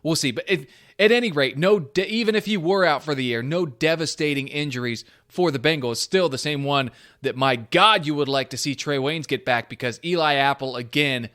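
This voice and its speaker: A young man with a slightly high voice hosts a solo sports podcast. He talks with lively energy, stops and restarts as he thinks aloud, and pokes fun at himself along the way. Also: normal speed, few pauses. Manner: animated, self-deprecating, thinking aloud with restarts. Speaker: podcast host.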